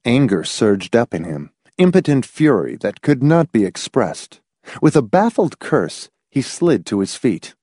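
Male narrator, suspenseful audiobook read, very lively pitch, dry close sound. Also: normal speed, no echo. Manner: dramatic, suspenseful storytelling.

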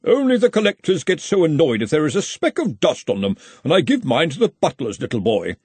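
A man voicing a cheerful, genteel, self-satisfied rival wizard, pitched well above his own voice. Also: big pitch swings, a little fast, a little mellow, husky, dry recording. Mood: chirpy. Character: smooth, cheerful, smug rival male wizard.

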